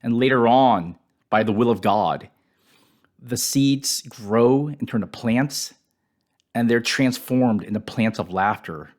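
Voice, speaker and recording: A man giving a reflective devotional Bible teaching, dropping his voice softly on painful words. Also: medium pitch, slow.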